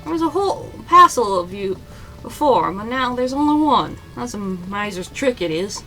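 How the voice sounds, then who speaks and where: Lady doing a rowdy drunk sailor guy in a game, slurry sea talk, kinda high. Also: expressive, moderate pace, sharp tone, faint music behind, poor audio. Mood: drunken bragging. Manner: old-timey sailor slang, slurring swagger. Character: drunk rowdy male sailor, boastful and rambling.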